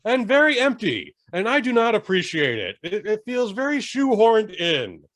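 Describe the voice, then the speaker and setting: Man in a comic bit as a fussy commenter; high, affected, offended. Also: wildly swooping pitch, moderate pace, a bit bright, no room sound, heavily acted. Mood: affronted. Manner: high, affected, genteel and huffy. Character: prissy, indignant Southern-drawl male online commenter. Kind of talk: comic impression on a podcast.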